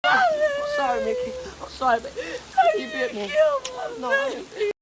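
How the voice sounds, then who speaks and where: Menacing washed-up singer. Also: male voice, extremely high pitch, wildly swooping pitch, moderate pace, vocal fry, exaggerated voice. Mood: crying. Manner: menacing, taunting, cursing. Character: volatile washed-up male singer on drugs. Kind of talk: film drama. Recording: noisy film clip.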